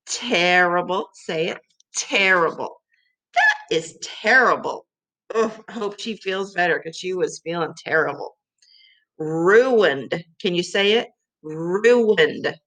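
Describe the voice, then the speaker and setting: A woman's voice: fairly low pitch, lively intonation, takes it slowly, fairly bright tone. A middle-aged woman teaching vocabulary to young children, sounding out letters and syllables.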